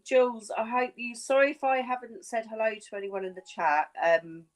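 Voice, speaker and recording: A woman's voice: fairly high pitch, expressive, brisk, over a noisy crowd. A woman on a livestream panel, teasing and blunt, swearing casually. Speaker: panel guest.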